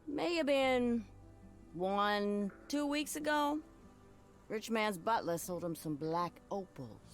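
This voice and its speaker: A woman's voice: mid-range voice, expressive, slow, faint music behind. An actress voicing a shrewd bayou woman with a Creole accent who keeps dogs and hires out boats, in a video game. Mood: sly. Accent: Louisiana Creole.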